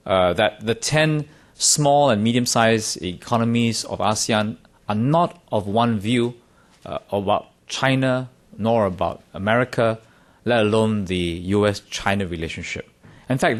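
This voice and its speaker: Lively, wry man from Singapore. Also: on the low side. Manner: wry, self-deprecating, lively emphasis. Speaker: conference speaker. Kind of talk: conference talk. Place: conference room.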